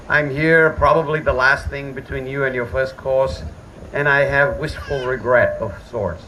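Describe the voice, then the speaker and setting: A man's voice: medium pitch, fairly bright tone, a little hiss or hum, low-quality recording. A middle-aged man giving a father of the bride speech at a hotel wedding reception, joking and poking fun at himself. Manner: joking, self-deprecating.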